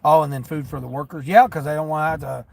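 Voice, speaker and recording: A man with a slightly high, gravelly voice talks quickly in a steady tone. He's livestreaming while driving deliveries, rambling in a folksy way and turning down orders out loud.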